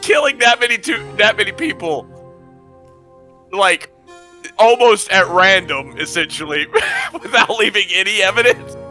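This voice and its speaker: A man chatting casually over a game, laughing often and animated. His voice is bright and ringing, his pace slow, and faint game music sits behind him. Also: sits high. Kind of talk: casual let's-play chat.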